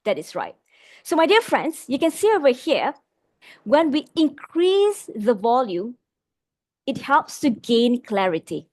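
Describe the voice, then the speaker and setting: Teaching vocal delivery in a live online session, a woman trainer with a Malaysian English accent greets everyone as "my dear friends" and reads their replies. Her high-sitting voice swings widely in pitch, and she varies loudness and slows down to emphasize. The sound is studio quality, with no room ambience.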